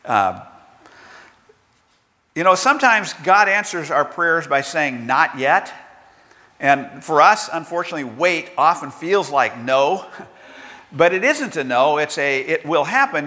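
A man's voice: fairly high pitch, sharp tone, big-room sound. An older man preaching a sermon in a conversational way, asking rhetorical questions and acting out quotes. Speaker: pastor.

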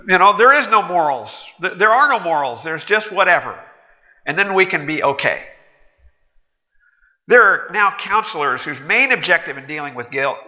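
A male pastor delivers a sermon in a relaxed, chatty, sardonic manner. His voice is fairly high and very bright. The sound is dull and carries the long reverb of a church hall. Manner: conversational, wry and sardonic. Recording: dull echoey hall recording.

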